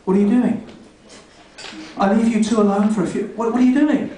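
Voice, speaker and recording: A man's voice: high-pitched, fairly even intonation, fairly quick, mellow, lightly acted. A man voicing an indignant, disgusted male house cat who scolds and gloats over gory details, in an echoey club room heard from far off. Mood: outraged. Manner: outraged, scolding, gleefully gory.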